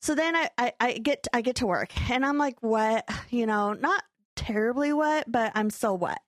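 Animated woman telling a story. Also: a little high, normal speed, dry recording, clean studio sound. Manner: animated storyteller, acting out quotes with laughter. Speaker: podcast co-host. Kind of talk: casual chat.

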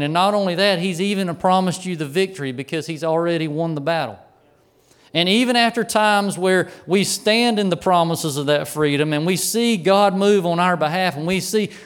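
Pastor guy preaching then praying, fervent, smooth clear voice, kinda high, soft music under. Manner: fervent, repeating phrases in a preaching cadence. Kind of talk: sermon and closing prayer.

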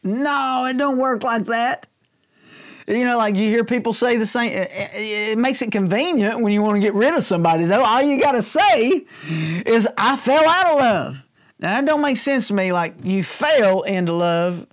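A man's voice: high-pitched, normal speed, no echo, studio quality. A male pastor giving a sermon in a loose, conversational way, cracking jokes and often checking in with his listeners. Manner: conversational, joking, checks in with "all right?".

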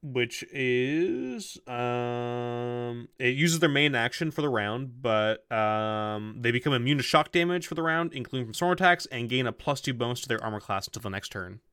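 A man running a tabletop game as game master, relaxed and hesitant, explaining rules and narrating. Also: medium pitch, normal speed, hardly any pauses, clean tone, no echo, clean studio sound. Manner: relaxed, lots of ums and restarts, explains rules.

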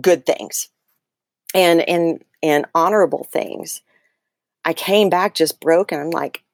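A woman with a lower voice talks through a personal story as an interview guest. She is animated and keeps restarting her sentences with ums and likes. The recording is close and dry. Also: slow, no echo. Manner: animated retelling with many fillers and restarts. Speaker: guest author.

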